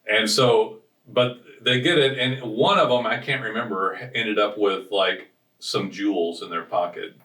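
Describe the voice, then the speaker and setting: His lowish voice comes across pushed and bright, and he takes his time as he speaks. Far from the mic in a roomy space, this business podcast co-host chats casually, rambling through stories and restarting again and again.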